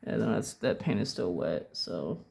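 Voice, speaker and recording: Sitting at a home desk, a painting instructor gives a casual step-by-step demo, talking through every brushstroke while thinking aloud and self-correcting. The voice is low, gravelly and husky, a little mellow, animated yet unhurried.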